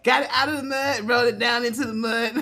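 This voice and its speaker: A woman in her fifties telling a casual story to camera, chatty and quick to laugh. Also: on the high side. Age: 50s. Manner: chatty, laughs often, quotes others in animated voices. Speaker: vlogger.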